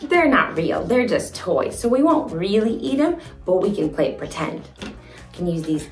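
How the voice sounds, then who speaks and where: A young woman hosting a toddler learning video, who speaks slowly and gives lots of encouraging praise. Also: mid-range voice, very animated, recorded from a distance. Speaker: children's video host. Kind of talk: slow, sing-song teaching for toddlers. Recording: echoey room, soft music behind.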